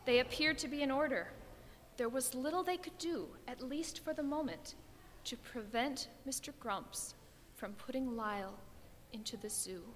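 A woman reading a children's story aloud, expressive and growing soft and low in the calm passages. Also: moderate pace, a little hiss or hum. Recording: long reverb with music behind.

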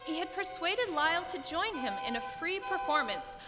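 A woman reading a children's story aloud, expressive and growing soft and low in the calm passages. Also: normal speed. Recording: long reverb with music behind.

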